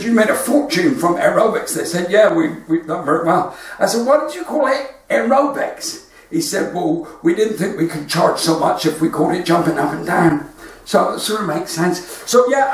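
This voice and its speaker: A comedian with a high voice and a West Country accent does a stand-up livestream from home, telling chatty stories laced with quoted dialogue. His front room sounds very echoey, the microphone sits far off, and faint noise lingers.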